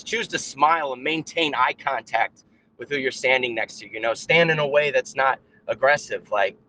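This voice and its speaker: Rambling man on a remote call, bright tone, slight hiss behind. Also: medium pitch, low-quality recording. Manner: rambling, animated, many fillers and restarts; puts on mocking voices when quoting. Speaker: guest on a live stream. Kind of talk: casual chat, ranting. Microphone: own mic on a remote call.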